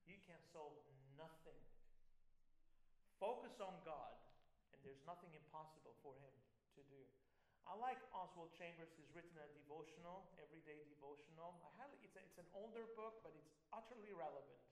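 A man's voice: on the high side, fairly quick. A man preaching a sermon as a pastor, earnest and conversational, asking the congregation rhetorical questions. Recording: roomy echo with faint ambience.

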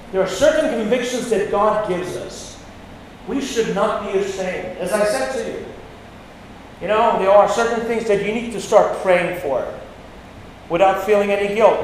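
A high-voiced man preaches bluntly and forcefully, his voice climbing into loud peaks. The sound bounces around a big echoey hall with a long reverb tail. Faint noise sits underneath. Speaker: pastor. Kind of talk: sermon.

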